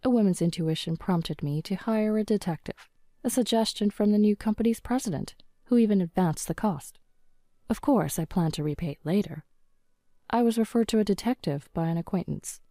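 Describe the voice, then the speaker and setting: A woman narrating a scripted first-person story in a calm, even manner. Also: on the low side, dry recording, studio quality.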